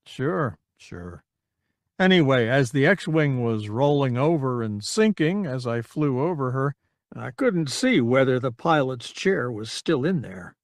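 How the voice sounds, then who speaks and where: A man voicing a relaxed, wry fighter commander in an audiobook, understated and dry. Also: mid-range voice, measured pace, dry recording. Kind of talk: audiobook character reading.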